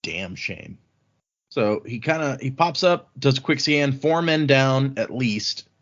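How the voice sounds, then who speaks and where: A man hosts a casual book podcast and retells the action in a rambling, animated way. The sound is a little dull and lo-fi. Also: medium pitch, slow pace. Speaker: podcast host.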